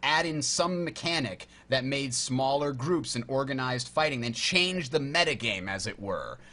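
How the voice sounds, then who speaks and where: Male podcast host, bright tone, lively casual chat. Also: medium pitch, normal speed. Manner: animated, acts out his own reactions.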